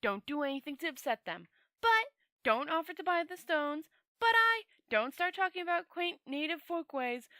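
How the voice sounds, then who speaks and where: Woman reads twitchy cynical male wizard, urgent warnings, bright tone, dry close mic. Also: extremely high pitch, sing-song, normal speed, dry recording, voice pushed up, full character voice.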